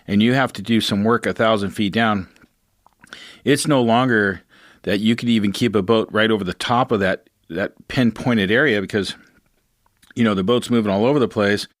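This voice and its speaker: A middle-aged man, a fisherman, telling his own story in a rambling, animated way, often laughing as he talks. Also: on the low side, moderate pace. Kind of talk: casual storytelling interview.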